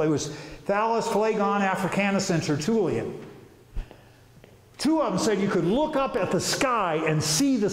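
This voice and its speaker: A man presenting an informal religious talk, telling the story vividly and casually with slang. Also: sits high. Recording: echoey hall reverb.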